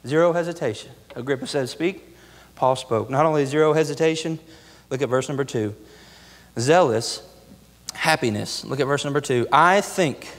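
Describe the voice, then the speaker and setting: A fervent young male preacher with a notably high voice, hammering his points home in repeating phrases. His sermon rings out with a long reverb through the church sanctuary. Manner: fervent, repetitive preaching cadence. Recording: echoey church hall reverb.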